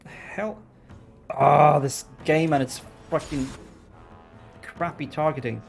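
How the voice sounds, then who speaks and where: Gravelly man streaming gameplay, excitable. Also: medium pitch, a little slow, faint music behind. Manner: excitable, swears, talks to himself. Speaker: gamer streamer. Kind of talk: live gameplay commentary.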